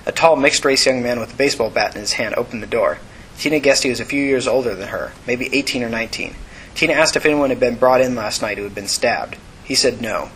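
A male narrator gives a steady, even audiobook reading in a mid-pitched voice. His delivery is plain and controlled, and a faint hiss sits under the recording. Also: poor audio.

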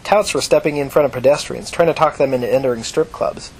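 Narratore maschile dalla voce roca. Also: male voice, mid-range voice, fast talker, breathy edge. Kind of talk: audiobook narration.

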